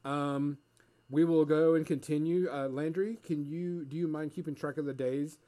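A man's voice: on the high side, moderate pace. Man running a tabletop game. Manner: relaxed, rambling with fillers and laughs. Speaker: game master.

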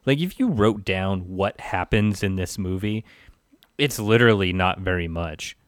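Low-voiced man in casual film chat. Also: lively intonation, unhurried, no echo, studio quality. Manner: rambling, many fillers and restarts.

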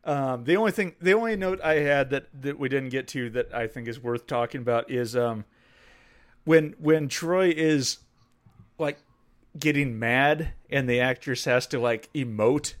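Regular-pitched guy cohosting, swears a lot, laughing asides. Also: unhurried. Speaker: podcast co-host. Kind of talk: casual chat.

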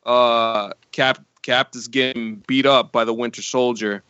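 Man with smooth, slightly muffled voice. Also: mid-range voice, fairly even intonation, bright, forceful tone, no room sound. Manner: halting, repeats words while thinking. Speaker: podcast co-host. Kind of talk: casual movie discussion.

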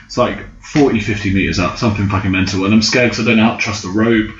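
A man's voice: on the low side, steady tone, fast talker, slight background noise. A young man casually telling a long, sweary anecdote as a guest in a chat. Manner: rambling, swearing anecdotal storyteller. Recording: roomy, slightly dull sound.

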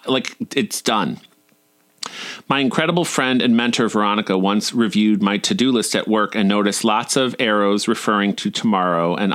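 A man's voice: fairly low pitch, fairly bright tone. A man in his forties reading his own humorous personal essays in a wry, irreverent, playfully profane way. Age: 40s.

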